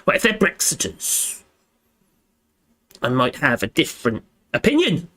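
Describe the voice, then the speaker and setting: A man's voice: a little high, huge pitch swings, measured pace, pushed and bright. A man hosting a casual live stream, chatting in a rambling way and tagging his lines with little repeated phrases.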